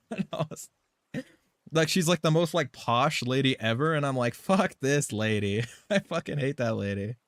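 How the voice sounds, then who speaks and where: A man's voice: mid-range voice, normal speed, pauses often, a bit bright, dry recording, clean studio sound. A man live streaming a game, chatting casually in a loose, rambling way, swearing and laughing often.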